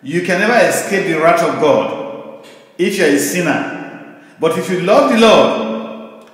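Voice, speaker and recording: An older man preaching a sermon as pastor, in an emphatic, repetitive cadence with slow, stressed phrases. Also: a little high, animated. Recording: very echoey hall with long reverb.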